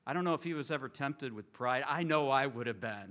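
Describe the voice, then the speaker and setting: A man's voice: mid-range voice, a little fast, hardly any pauses. A middle-aged male pastor delivering a sermon to his congregation, asking them questions and drawing them in. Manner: animated, engages congregation with questions. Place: church sanctuary with congregation.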